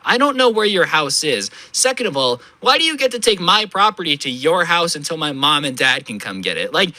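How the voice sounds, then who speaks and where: A young man telling a story in a casual, sarcastic, animated way. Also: on the high side, a little fast, few pauses, no room sound.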